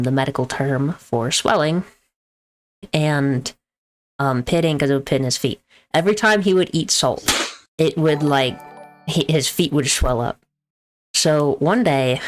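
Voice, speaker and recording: A young woman, an EMT and streamer, chatting casually and explaining medical terms as she tells a story. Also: low voice. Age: young adult.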